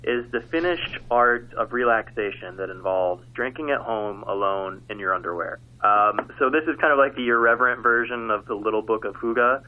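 A man with a mid-range voice pitches a book in a dry, tongue-in-cheek way, like an infomercial read straight. The sound is thin and phone-like, carried over a radio line. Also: moderate pace, hardly any pauses, a little hiss or hum. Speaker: book recommender on a radio segment.

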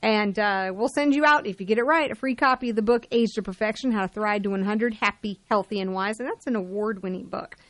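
A woman's voice: medium pitch, a little fast, hardly any pauses, a bit bright, no echo. A woman co-hosting a radio health show, chatty and teasing, laughing often. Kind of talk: casual radio chat.

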